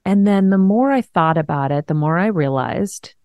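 A woman in her forties hosting a podcast, telling a personal story in a frank, animated way, laughing now and then. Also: sits low, normal speed, clear, resonant tone, no room sound. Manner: frank, animated, swears and laughs while telling hard news. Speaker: host. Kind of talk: candid conversational storytelling.

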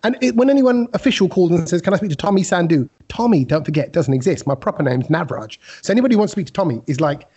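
High-voiced husky man chatting. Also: fast, few pauses, lo-fi sound. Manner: animated storyteller, puts on voices in anecdotes. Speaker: podcast host. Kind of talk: casual podcast chat.

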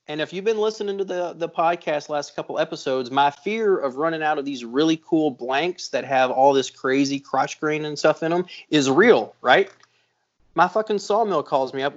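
Man, podcast co-host, fairly high voice, swears a lot, rambling storyteller, muffled lo-fi recording. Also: normal speed. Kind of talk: casual podcast chat. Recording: dull lo-fi sound.

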